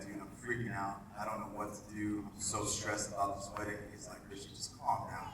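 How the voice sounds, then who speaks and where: Young man, groom's wedding speech, earnest and emotional, slightly low voice, distant and echoey. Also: completely flat delivery, quick pace, few pauses. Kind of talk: heartfelt wedding reception speech. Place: large wedding reception hall. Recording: echoey hall from far off, noisy.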